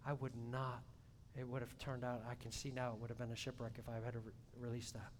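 A man preaching a sermon in a church, swinging between loud emphatic peaks and soft hushed asides. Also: level tone, a little fast. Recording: long hall reverb, faint rumble.

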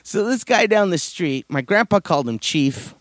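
Guy cohosting a comedy podcast, kinda high voice, keeps laughing and yelling out the quotes, dry close mic. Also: sing-song, moderate pace, no room sound. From Southern Maryland. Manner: laughs often, acts out quotes in raised voices. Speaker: podcast co-host. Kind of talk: casual comedic chat, storytelling.

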